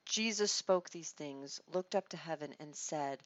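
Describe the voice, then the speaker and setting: A woman leads a conversational Bible study, speaking expressively and restarting her phrases as she works through each thought. Her voice sits somewhat low. The recording is dull, lo-fi and dry, with no room sound. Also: unhurried, no room sound. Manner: expressive, acts out quoted lines, restarts phrases. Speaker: Bible teacher.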